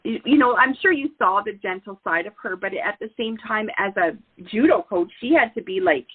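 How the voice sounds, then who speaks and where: A woman hosting an interview, chatty and quick to laugh. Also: mid-range voice, expressive, husky. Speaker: host. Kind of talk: casual interview chat. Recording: tinny phone-like line.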